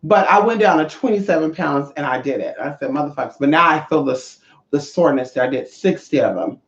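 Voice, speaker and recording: A man in his thirties chatting casually on a livestream, sassy and expressive. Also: brisk. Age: 30s. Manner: sassy, expressive, swings pitch a lot. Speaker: livestream host. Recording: roomy dull lo-fi sound.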